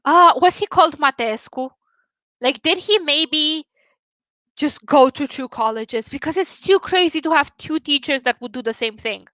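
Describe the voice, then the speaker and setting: A woman's voice: high-pitched, normal speed, pushed and bright, no room sound, rough recording. A young woman from Romania with a Romanian accent, chatting casually with viewers on a stream, laughing often and swearing freely.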